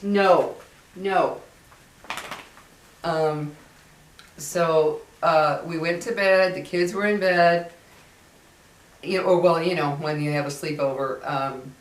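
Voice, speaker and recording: A woman's voice: low voice, a little hiss or hum. A middle-aged woman telling a personal story in a casual, chatty way, repeating phrases and acting out what others said. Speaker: vlogger. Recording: echoey room, far from mic.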